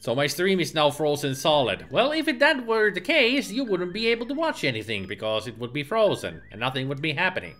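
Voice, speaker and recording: Streamer, male, wry joking tone, pitch swinging high and low, desk mic. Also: big pitch swings, a little fast, hardly any pauses, fairly bright tone, faint music behind. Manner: wry, joking asides to viewers. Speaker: let's play streamer. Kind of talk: casual gameplay commentary.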